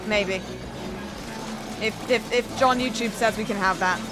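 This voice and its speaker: A woman's voice: fairly high pitch, unhurried, pauses often, poor audio. A woman streaming a game, chatting playfully as she plays, laughing often and cursing at the screen. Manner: playful, giggly, swears often. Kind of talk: casual gameplay commentary. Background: game music.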